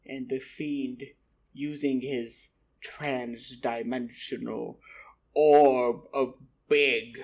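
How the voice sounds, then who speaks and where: A man's voice: mid-range voice, husky. A man voicing a fretful old male goblin blacksmith who is dramatic and flustered, stammering through an improvised comic story. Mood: storytelling.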